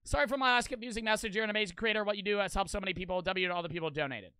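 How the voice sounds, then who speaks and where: A young man riffing on a live stream, blunt and profane as he reacts and reads out donations. His voice is high, very bright and crisp. The sound is dry and close. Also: racing, dry recording. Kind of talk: casual stream commentary.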